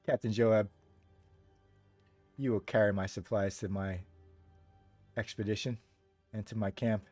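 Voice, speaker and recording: A man's voice: on the low side, fairly even intonation, a little slow, a little mellow, soft background music. A man doing a haughty, cold priest.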